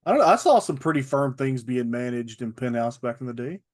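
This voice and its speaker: A man's voice: mid-range voice, expressive, a little fast, a little mellow. A man co-hosting a podcast in casual chat, rambling and joking with frequent restarts. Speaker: podcast co-host.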